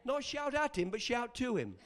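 A male preacher delivering a sermon with animated energy, breaking into shouts at moments of emphasis. His voice is unusually high for a man and ranges widely in pitch. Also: moderate pace.

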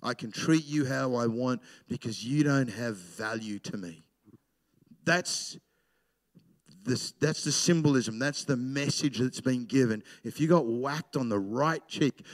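A middle-aged man, a pastor preaching a sermon in a conversational way, swinging between loud emphasis and hushed storytelling. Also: medium pitch, takes it slowly.

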